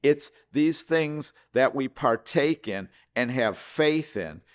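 A pastor preaching a sermon, emphatic, stretching key words and dropping suddenly quiet, often repeating himself as he restarts. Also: medium pitch, lively intonation, takes it slowly.

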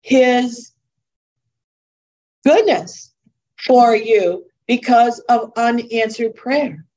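A woman's voice: on the high side, extremely slow, darkish tone, highs cut off. A woman preaching a sermon in an earnest, conversational way, repeating points for emphasis.

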